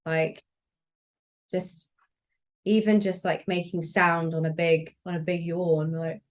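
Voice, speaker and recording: A woman speaking in a low, unhurried voice, calm and gentle as she explains body practices to a podcast host. She is a guest on the show. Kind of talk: relaxed podcast conversation.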